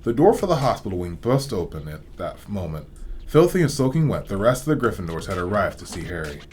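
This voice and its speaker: Male reader, low voice, very lively phrasing, faint music behind, story read-aloud. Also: fairly quick, husky. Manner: expressive, varied delivery. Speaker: reader, host.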